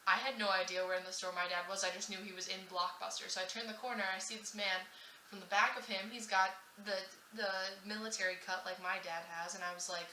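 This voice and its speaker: A woman's voice: medium pitch, fairly even intonation, quick pace, sharp tone, slight background noise. A young woman answering questions in a casual vlog, rambling and self-mocking as she tells stories. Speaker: vlogger. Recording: roomy echo, slightly distant from mic.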